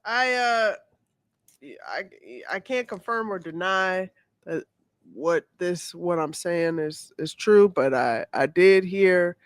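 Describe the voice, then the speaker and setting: A man co-hosting a casual podcast, speaking in a measured, hesitant way with frequent restarts. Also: high voice, clear, resonant tone, dry recording. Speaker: podcast co-host.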